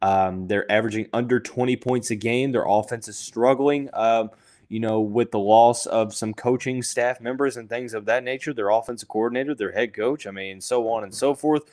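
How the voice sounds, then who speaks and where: A man's voice: medium pitch, normal speed, darkish tone. A young man hosting a podcast, talking through sports in a casual, thinking-aloud way with lots of fillers and restarts, and he has the hiccups. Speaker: podcast host.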